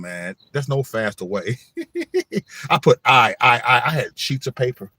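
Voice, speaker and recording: A man's voice: mid-range voice, very animated, brisk, fairly bright tone, a little hiss or hum. A middle-aged man hosting his own channel, telling rambling school stories in a slangy, joking way. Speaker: channel host. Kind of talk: casual storytelling monologue.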